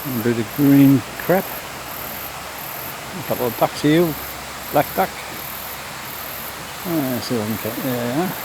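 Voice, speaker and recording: A man giving relaxed, low-key commentary to the camera as he walks a garden trail beside a stream. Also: measured pace, pauses often. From Australia. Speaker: vlogger. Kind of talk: casual walking commentary. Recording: outdoor noise, running stream behind.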